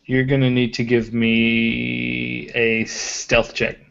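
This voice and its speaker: A man narrating a tabletop game as game master, casual and halting with frequent fillers. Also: mid-range voice, monotone, creaky, fairly bright tone, clean tone. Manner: casual, hesitant, many fillers. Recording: muffled lo-fi recording.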